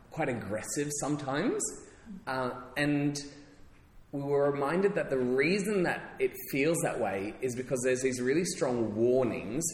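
A man preaching a sermon to his congregation in a conversational way, pausing often with fillers and restarting his sentences. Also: medium pitch. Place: church hall. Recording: roomy hall reverb.

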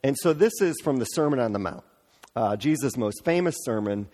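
A man gives a relaxed, conversational sermon at a middle pitch. He talks informally and acts out quotes with playful energy. His voice rings out with a long, echoing reverb. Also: brisk. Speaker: pastor.

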